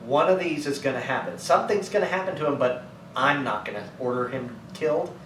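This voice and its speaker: A man's voice: fairly high pitch, reverberant, recorded from a distance, a little hiss or hum, poor audio. A man preaching as pastor, teaching scripture and retelling it in casual everyday words. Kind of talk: sermon teaching. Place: church.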